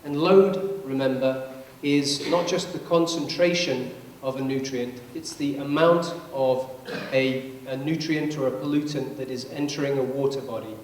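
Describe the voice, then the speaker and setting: A man giving a public lecture, explaining in a measured way with touches of dry humor. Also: medium pitch, steady tone. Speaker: guest presenter, scientist. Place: large public meeting hall. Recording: echoey hall from far off, faint hum.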